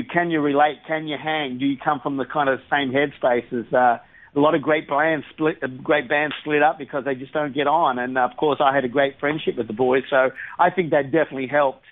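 An Australian man talking as a band drummer in a casual interview, rambling and chatty, laughing easily. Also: medium pitch. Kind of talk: casual interview over the phone. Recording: tinny phone line.

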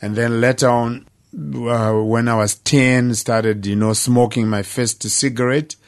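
An older man tells his life story at a middling pitch. He speaks earnestly and plainly, pausing for weight between phrases. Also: steady tone. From Zimbabwe. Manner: earnest, plain-spoken storytelling with dramatic pauses. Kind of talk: personal testimony.

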